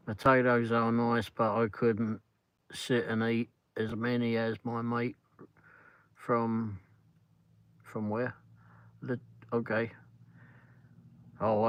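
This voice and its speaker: The livestream host, a middle-aged English man, chats casually from his car on the way home, rambling while responding to viewers' comments and sprinkling in "flipping." He speaks at a medium pitch in a clean tone without room sound, but the recording is rough.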